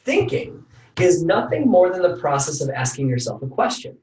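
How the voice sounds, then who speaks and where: Energetic male motivational coach, higher voice, echoey and slightly distant. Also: moderate pace. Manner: energetic, repeats phrases for emphasis. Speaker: team call speaker.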